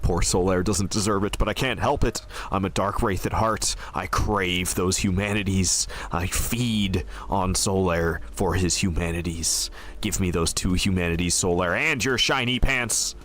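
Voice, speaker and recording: A man giving casual, jokey gameplay commentary, excitable and profane, laughing often. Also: sits low, measured pace, slight background noise. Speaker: gaming YouTuber.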